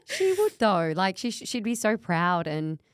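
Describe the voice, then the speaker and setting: A woman hosting a podcast interview, gentle and supportive, offering short affirmations. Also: mid-range voice, sing-song, a little slow, heavy background noise. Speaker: podcast host.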